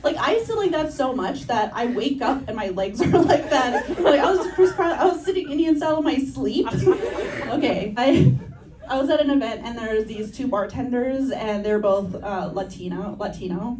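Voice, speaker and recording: A woman's voice: a little high, expressive, moderate pace, reverberant, a crowd in the background. A woman in her thirties doing a stand-up set, chatty and self-deprecating, often laughing through her lines. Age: 30s. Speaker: stand-up comedian. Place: comedy show stage on a campus, indoors. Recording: distant stage mic with loud audience laughter. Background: audience laughing.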